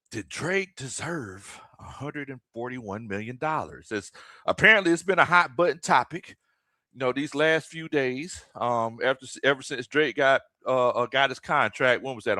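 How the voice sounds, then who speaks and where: A man, a former football coach hosting a casual sports livestream in a folksy, animated way, shouting out viewers by name. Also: mid-range voice, dry recording.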